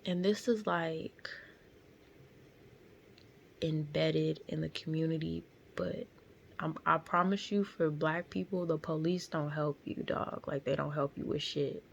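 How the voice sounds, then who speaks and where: A young woman vlogging from her car, telling a story in a blunt, profane, animated way. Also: low-pitched, a little slow, gravelly, a little hiss or hum. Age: young adult. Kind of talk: casual storytelling.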